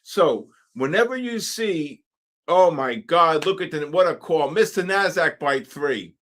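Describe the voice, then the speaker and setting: Man, slightly high pitch, excitable, repetitive, live market commentary host. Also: unhurried. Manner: excitable, exclaiming, repeats himself. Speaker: trading livestream host.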